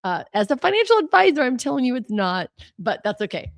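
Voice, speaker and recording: A woman's voice: high-pitched, very animated, quick pace, vocal fry, no room sound, studio quality. A middle-aged woman, a financial coach, giving chatty, candid advice and leading listeners through breathing. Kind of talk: casual advice talk to camera.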